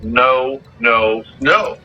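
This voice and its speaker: A man's voice: medium pitch, extremely slow, bright, forceful tone, muffled recording, slight background noise. A man in a heated argument, insulting and taunting, repeating his jabs.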